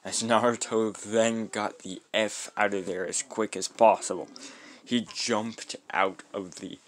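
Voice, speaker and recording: A man casually narrating a homemade fan story, rambling off on tangents with halting restarts. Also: on the low side, steady tone.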